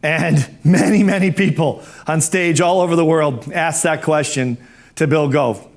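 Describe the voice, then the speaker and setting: Man, middle-aged, speaking coach, slightly high voice, chatty course lecture, repeats and restarts words. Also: unhurried.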